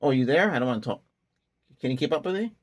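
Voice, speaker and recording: A man with a husky, mid-pitched voice hosts his tech channel. He talks in a loose, rambling way, restarting sentences and chuckling to himself. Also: animated, fast talker. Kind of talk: casual rambling vlog talk.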